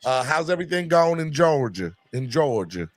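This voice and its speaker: A man's voice: fairly high pitch, very animated, normal speed, a little hiss or hum. Joking sports podcast host man. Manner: loose, joking, hypes callers. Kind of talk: casual sports call-in chat.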